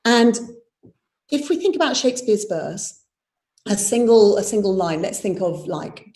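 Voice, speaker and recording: A woman's voice: lowish voice, moderate pace, dark tone. A woman, a theatre director leading a live online workshop, explaining verse and tapping out its rhythm aloud. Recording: roomy echo.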